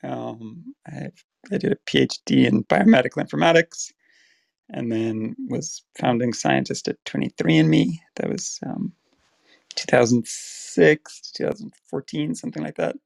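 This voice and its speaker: A man in his forties from Ireland with a slight South Dublin accent, a guest talking in a relaxed, thoughtful way with frequent fillers. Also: medium pitch, a little slow, creaky, no room sound. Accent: slight South Dublin Irish. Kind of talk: casual interview chat.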